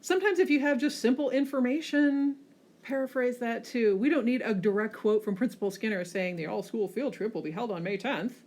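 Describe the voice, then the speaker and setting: A woman teacher giving a classroom lecture over slides, often checking in with a quick "okay?" and pushing hard on key words. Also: on the high side. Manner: frequent checking "okay?" tags, lively emphasis.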